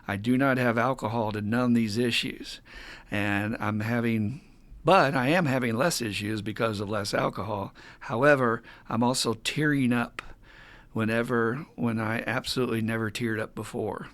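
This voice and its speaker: A middle-aged American man co-hosting a recovery podcast in casual chat, earnest and animated, laughing often. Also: mid-range voice. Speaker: podcast co-host.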